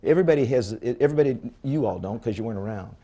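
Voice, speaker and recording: This older man's mid-range voice is expressive, gravelly and mellow, and he races through his words. As head of a space agency, he answers audience questions in a conference room at a public forum, conversationally and with blunt candor. His storytelling keeps restarting.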